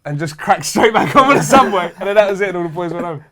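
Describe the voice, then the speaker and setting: Male podcast co-host, animated storyteller, slightly higher voice, laughs along as he tells it. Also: fast talker, crowd noise. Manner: lively, laughs through his own story. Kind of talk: casual storytelling chat.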